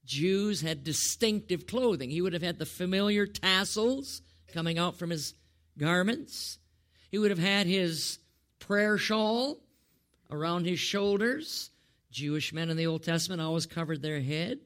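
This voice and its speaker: High-voiced animated preacher. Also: male voice, unhurried. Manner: animated, rhetorical questions, chuckles often, addresses listeners by name. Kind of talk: sermon.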